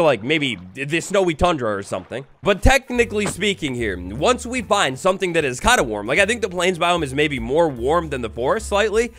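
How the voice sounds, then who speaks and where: A young man narrating a survival game playthrough, playful and chatty, talking to the creatures he meets. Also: a little high. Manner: animated, playful, talks to mobs, bursts into excited yelps. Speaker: gaming YouTuber. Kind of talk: Minecraft let's play commentary.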